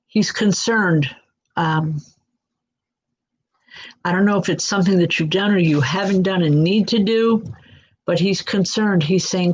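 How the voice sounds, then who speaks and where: A woman working as a psychic medium, giving spirit readings in a gentle, reassuring way and speaking straight to listeners by name. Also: on the low side, measured pace, pauses often, husky. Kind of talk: live spirit readings and announcements. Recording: dull lo-fi recording.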